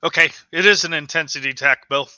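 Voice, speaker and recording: A man's voice: on the high side, quick pace, pushed and bright, dry recording. A man playing a tabletop game, matter-of-fact about the rules. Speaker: player. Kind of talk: casual tabletop play.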